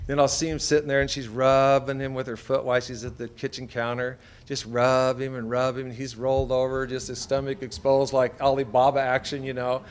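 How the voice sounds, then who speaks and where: A man's voice: medium pitch, little pitch movement, a little fast, few pauses, smooth. A middle-aged man from Idaho, a veterinarian telling folksy anecdotes to an audience and acting out the voices of people in his stories. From Idaho, USA. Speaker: veterinarian speaker. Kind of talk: storytelling talk to an audience.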